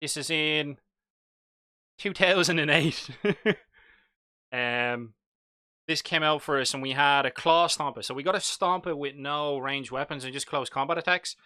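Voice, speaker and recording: A man's voice: on the high side, unhurried, long pauses, sharp tone, smooth, dry recording, clean studio sound. A young man with a Dublin accent, chatting casually and jokily while hosting a live hobby stream. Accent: Irish, Dublin. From Ireland. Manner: chatty, jokey, reads chat aloud.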